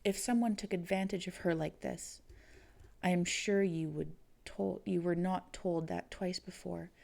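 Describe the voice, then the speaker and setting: A woman's voice: on the low side, fairly even intonation, measured pace, gravelly, darkish tone. Woman playing a grave, reproachful father. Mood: solemn. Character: grave, gentle father, stern toward an impostor.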